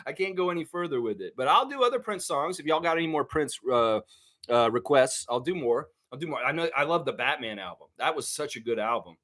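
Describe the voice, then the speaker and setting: A man's voice: a little high, expressive, a little fast, sharp tone. A man hosting a live basketball fan stream, chatting casually as he reads viewer comments and laughs often. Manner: chatty, laughs often, sings snippets, many fillers. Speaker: sports livestream host.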